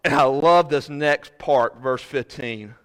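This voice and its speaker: A man preaching a sermon as pastor, swinging from shouted fervor to quiet earnest talk. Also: medium pitch, slow. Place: church sanctuary. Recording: preached in a reverberant hall.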